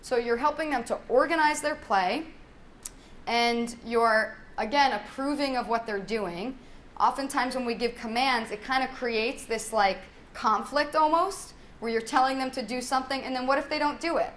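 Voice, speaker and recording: There's slight background noise in the workshop room where this young adult woman, a speech-language pathologist, talks with parents. Her voice is on the high side and a bit bright, her pace moderate. She keeps things conversational, asks "right?" again and again, and models child speech in a singsong, lilting way.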